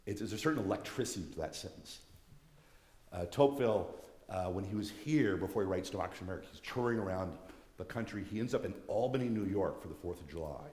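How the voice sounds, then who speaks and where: Man, low voice, earnest lecturer who restarts phrases; reverberant church hall sound. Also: expressive, quick pace, a little mellow.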